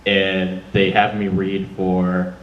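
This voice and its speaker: A jokey, chatty man moderates a convention panel, his voice sitting a little low. The sound rings around a big, echoey hall with faint room noise behind. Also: monotone, slow, distant mic, dull audio. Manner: jokey, chatty, playful asides.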